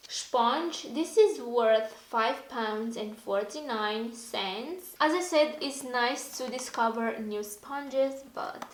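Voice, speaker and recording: Slightly hoarse girl vlogger, slow and chatty, gasps a lot, roomy echo and a bit of hiss. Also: fairly high pitch. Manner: chatty, easily excited, gasps and laughs often. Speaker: beauty vlogger. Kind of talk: casual unboxing chat.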